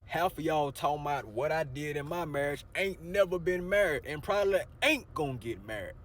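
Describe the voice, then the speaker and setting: A man telling spiritual war stories from inside his car, animated and preachy, swinging from loud outbursts to low murmurs. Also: brisk. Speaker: storyteller, spiritual vlogger. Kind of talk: casual storytelling to camera.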